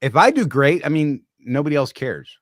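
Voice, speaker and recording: A man's voice: on the high side, sing-song, moderate pace, no room sound, studio quality. A man co-hosting a casual talk show, speaking earnestly with many restarts and repeated words. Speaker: podcast co-host. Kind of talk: casual chat.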